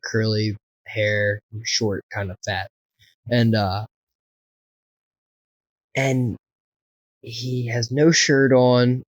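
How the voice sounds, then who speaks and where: A man's voice: mid-range voice, dry recording, rough recording. A man casually telling a wild anecdote, swearing often and laughing as he goes. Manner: profane, laughing, animated anecdote. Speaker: podcast co-host. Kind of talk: casual storytelling.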